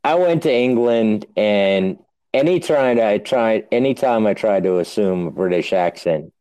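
A man chats on a podcast in a slow, unhurried drawl, his lowish voice rising and falling a lot. He jokes and swears casually. The sound is dry and close, with almost no room. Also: lively intonation, warm tone, clear, resonant tone, no echo, rough recording. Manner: laid-back, jokey, swears casually.

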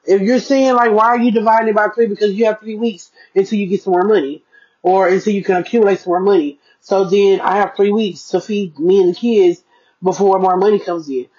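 Chatty mom vlogger, dull lo-fi sound. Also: female voice, medium pitch, fairly quick, warm tone, breathy edge. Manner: chatty, talks straight to viewers, keeps checking in. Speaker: parenting vlogger. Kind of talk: casual budgeting vlog.

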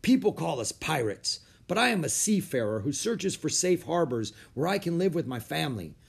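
A man voicing a gruff, burly Viking chieftain in a storybook reading. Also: fairly high pitch, sing-song, normal speed, pitched above the performer's own voice, heavily acted. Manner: gruff, commanding.

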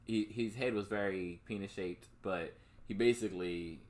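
A man's voice: on the low side, normal speed. A man casually recapping a movie plot for a co-host, rambling and swearing, with many fillers and restarts. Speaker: podcast co-host.

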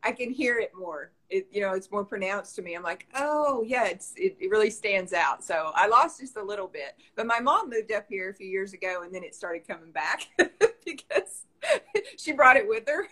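A woman's voice: medium pitch, lively intonation, normal speed, pushed and bright. A woman with a Southern Arkansas accent, a guest musician chatting casually and laughing easily. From Southern Arkansas, USA. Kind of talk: casual chat.

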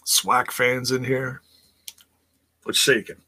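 A man's voice: medium pitch, little pitch movement, slow, pushed and bright, husky. A man casually recapping a wrestling show on a live stream, chatting with viewers and sounding exasperated. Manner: chatty, exasperated, reads chat aloud.

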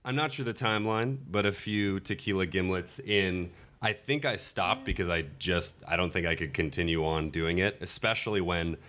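A man's voice: low-pitched, moderate pace, hardly any pauses, a bit bright. A man in his twenties, a podcast guest, casually telling a story in a laid-back, chatty way. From California.

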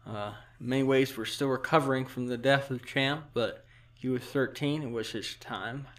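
A man with a medium-pitched, natural voice does a satirical impression of a rambling, folksy, off-color elderly president at a moderate pace. He puts on a Southern drawl and a mushy sound, as if something's in his mouth, meandering through deadpan jokes and trailing asides.

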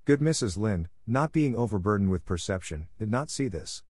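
A man reads a classic story aloud as an audiobook narrator. His voice sits low and moves at a steady, even pace. The recording is dry and close, with no room sound. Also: normal speed, no room sound. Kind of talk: scripted narration.

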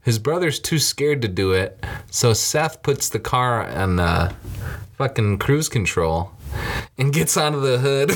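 A man casually recapping a comedy film with his co-host, rambling, swearing and laughing often. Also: medium pitch. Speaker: podcast co-host. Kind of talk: casual movie recap chat.

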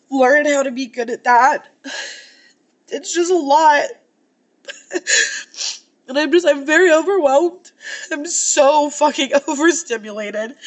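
A young woman in her twenties with a high voice, crying as she talks. She rambles emotionally and swears freely. She records herself in a hotel parking lot. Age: 20s. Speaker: podcast host. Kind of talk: tearful personal vlog confession.

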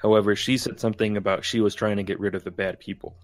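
Fast-talking low-voiced man playing a tabletop game. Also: steady tone, faint music behind. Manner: rushed, rambling explanations. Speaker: player. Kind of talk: in-character tabletop chat.

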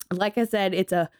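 A woman's voice: mid-range voice, dry recording, clean studio sound. A woman co-hosting a casual podcast chat, laughing often and swearing casually as she tells a ghost story. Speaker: podcast co-host.

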